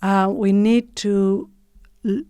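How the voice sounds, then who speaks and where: A woman giving a reflective motivational talk in short phrases with frequent pauses and non-native English phrasing. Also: medium pitch, level tone, mellow, clean tone, no echo. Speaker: motivational speaker.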